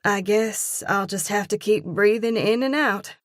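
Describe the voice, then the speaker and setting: A woman voicing the heroine of a romantic audiobook, a spirited young woman who answers in clipped, sharp retorts. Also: medium pitch, a little slow, no echo, clean studio sound, pitched above the performer's own voice, close to an everyday voice. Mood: defensive.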